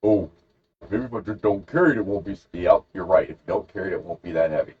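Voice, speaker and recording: A man's voice: low-pitched, very fast, slightly rough. A man co-hosting a podcast who tells a rambling, jokey story in casual chat. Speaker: podcast co-host. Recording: dull lo-fi podcast recording.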